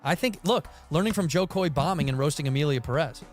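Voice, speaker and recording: Raised-pitch man telling stories. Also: fast talker, faint music behind. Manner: tells anecdotes, acting out quoted voices. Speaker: podcast co-host. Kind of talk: casual chat, storytelling.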